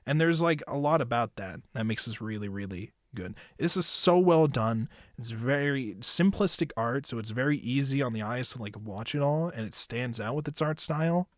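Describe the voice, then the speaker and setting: A man's voice: mid-range voice, expressive, moderate pace, few pauses, no room sound, studio quality. A young man giving casual, rambling anime commentary, loose and chatty, with lots of filler words and swearing. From United States. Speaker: anime reviewer and streamer.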